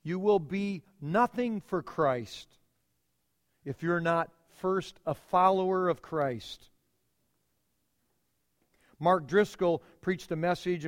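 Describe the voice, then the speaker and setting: A middle-aged male pastor preaching a sermon, emphatic, with dramatic pauses and repeated phrases. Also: high voice, long reverb tail.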